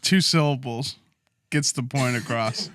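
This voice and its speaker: A man co-hosting a casual comedy podcast, telling a story in a laid-back deadpan way. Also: medium pitch, measured pace, a little hiss or hum. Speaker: podcast co-host.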